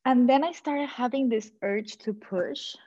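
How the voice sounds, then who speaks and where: A woman's voice: fairly high pitch, measured pace. A young woman telling a personal story in casual talk, full of "like" fillers and acted-out quotes. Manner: animated, many "like" fillers, acts out quoted lines. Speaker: guest. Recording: dull, dry sound.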